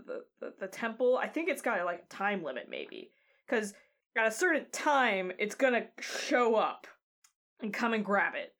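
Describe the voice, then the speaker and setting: A woman runs a tabletop game as game master. She talks in halting bursts with frequent restarts. Her delivery stays fairly flat. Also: medium pitch.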